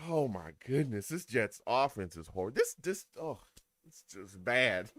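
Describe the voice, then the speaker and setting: Here a man with a New York accent gives loose, lively commentary on a football game as a live reaction streamer, laughing frequently and voicing viewer comments. He speaks a little slowly at a medium pitch, in a dry, clean studio recording.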